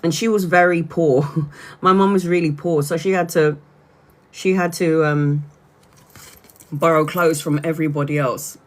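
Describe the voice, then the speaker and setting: A woman's voice: low-pitched, fairly even intonation, a little slow. A chatty woman from Brazil hosts a casual livestream. She laughs often and keeps restarting her sentences as she talks. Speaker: tarot reader livestream host.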